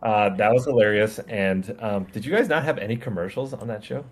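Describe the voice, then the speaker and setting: A man from California with an American accent, chatting as a guest filmmaker in a relaxed, friendly way and often chuckling. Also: on the low side, a little fast. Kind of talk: casual chat.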